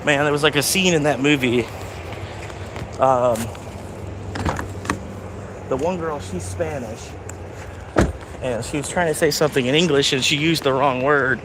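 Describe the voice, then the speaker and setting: A man with a fairly high-pitched voice chats casually on a live stream from inside his car during delivery runs. He's laid-back and unhurried, rambling with lots of fillers and long pauses, over a noisy background.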